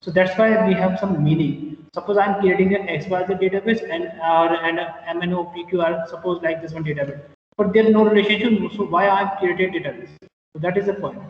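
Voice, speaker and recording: A man lectures a class, repeating himself and filling pauses as he works through each point. His voice sits high. He is recorded from a distance in an echoey classroom, with a long reverb tail. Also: steady tone. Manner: explains slowly with repetitions and fillers. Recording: echoey room, distant mic, muffled.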